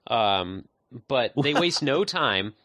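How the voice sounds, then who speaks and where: Podcast co-host, male, bright forceful tone, laid-back plot recap, dry mic. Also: mid-range voice, slow, dry recording. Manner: relaxed recapping with many fillers. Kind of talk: casual movie chat.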